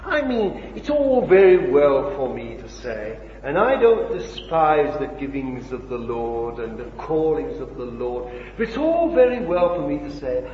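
A man preaching a sermon, impassioned, with rhetorical questions, swinging between loud and hushed. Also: fairly high pitch, very animated, unhurried, few pauses, slight background noise. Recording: dull old recording in an echoey hall.

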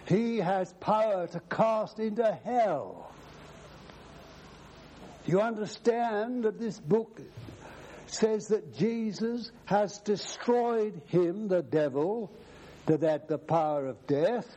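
A male preacher delivers an emphatic sermon, quoting scripture at length. His voice sits a little high, with a mellow, dark tone. He speaks slowly, with wide swings of pitch. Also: animated, slight background noise.

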